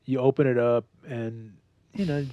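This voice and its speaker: Man, casual co-host chat, rambling storyteller, joking, mid-pitched voice, slightly muffled audio. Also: steady tone, normal speed, dark tone, no room sound.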